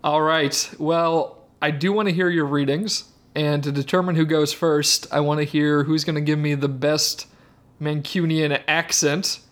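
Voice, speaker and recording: A man's voice: on the high side, steady tone, unhurried, fairly bright tone. A man hosting a comedy podcast, upbeat and laughing often. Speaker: podcast host.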